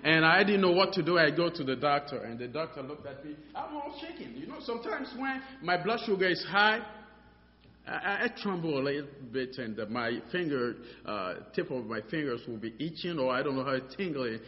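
Animated preacher man in a reverberant hall. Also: a little high, a little fast. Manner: animated, repeats words, many fillers; acts out dialogues in his story. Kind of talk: sermon. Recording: dull sound, long hall reverb.

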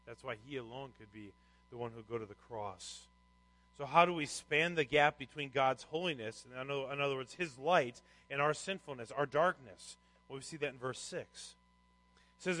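A man's voice: mid-range voice, sharp tone, no echo, poor audio. A middle-aged man preaching a sermon as a pastor, reading scripture and telling anecdotes with rising emphasis.

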